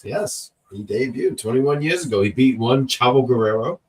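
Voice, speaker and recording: A man's voice: medium pitch, expressive, normal speed, recorded from a distance. A man with a cough co-hosts a casual live stream. He rambles and teases viewers in the chat. His voice sits a little back from the microphone. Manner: rambling, joking, reads chat comments aloud. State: working with a cough. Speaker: co-host of a wrestling review show.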